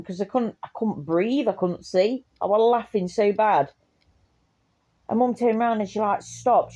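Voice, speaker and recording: Young woman, casual storytime vlog, laughs a lot, swears, mid-pitched voice. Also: dull audio. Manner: animated, laughs often, swears freely. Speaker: vlogger.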